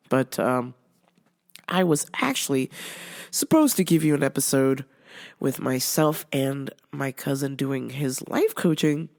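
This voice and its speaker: A podcast host in casual solo chat, rambling and exasperated, with frequent swearing. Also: mid-range voice.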